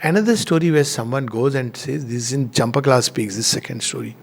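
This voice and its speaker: A man's voice: mid-range voice, a little fast, creaky, slightly rough. A middle-aged man giving a spiritual talk, telling anecdotes with frequent chuckles. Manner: chuckles often while telling stories. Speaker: spiritual speaker.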